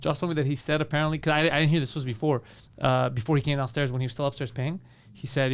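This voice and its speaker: A man's voice: a little high, fast, smooth. A young man co-hosting a podcast. He tells a story casually, swears a lot and acts out the people in it. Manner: profane, animated, acts out quotes. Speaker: podcast co-host.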